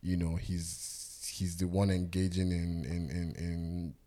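Deep-voiced man chatting casually. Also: slow. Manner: relaxed, laughs often, loose fillers. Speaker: podcast co-host. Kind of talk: casual group chat.

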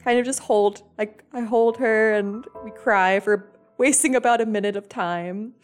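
A woman plays a tabletop game, speaking with feeling as her mother character. She talks at an unhurried pace. Faint music sits under her voice. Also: on the high side, fairly even intonation. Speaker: player. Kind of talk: tabletop role-play.

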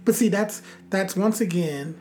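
A man's voice: high voice, unhurried, a little mellow, soft background music. Blunt, profane man ranting fierily. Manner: blunt, profane and emphatic, fiery rants. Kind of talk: casual chat.

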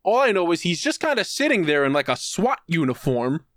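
Man, podcast co-host, fairly high voice, dry close sound; casual, swearing storyteller who acts out the quotes. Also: brisk, dry recording. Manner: animated, profane storytelling. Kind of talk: casual chat.

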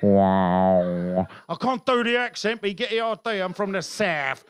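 A man's voice: sits high, fairly quick, sharp tone, clear, resonant tone. A man doing surreal stand-up comedy and chatting about his set, absurd and sweary. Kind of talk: surreal stand-up with interview chat.

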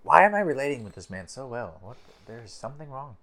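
Wry, lively-voiced man player. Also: mid-range voice, quick pace. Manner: wry, incredulous. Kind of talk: tabletop role-play banter.

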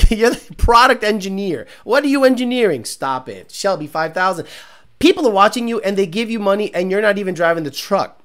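Profane, mocking car show host. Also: male voice, sits high, expressive, a little fast, fairly bright tone. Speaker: car show host reading live chat. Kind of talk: casual livestream commentary.

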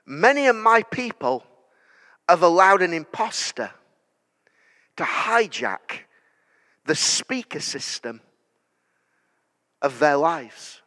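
A man quoting God's words slowly and weightily in a sermon, with long hall reverb. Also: fairly high pitch, sing-song, bright, forceful tone, full character voice. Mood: solemn. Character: God speaking to a man, solemn.

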